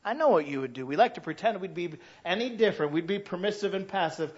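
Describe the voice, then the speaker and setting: High-voiced guy in his 30s preaching, storytelling and yelling out the parent bits, kinda muffled recording. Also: fast talker, slightly rough. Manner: animated storytelling, acting out parents' shouts. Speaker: pastor. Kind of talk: sermon.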